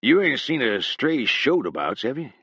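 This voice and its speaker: A man voicing a stern older rural hog owner from who speaks in a slow, dry drawl. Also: mid-range voice, big pitch swings, pushed and bright, slightly rough, no room sound, voice pushed up, heavily acted. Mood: dry shrewd.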